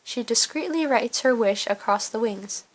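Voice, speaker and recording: Woman, game narration read aloud, casual, small slips, slightly high voice. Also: normal speed, poor audio. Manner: plain, casual reading with slips. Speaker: player reading an interactive story.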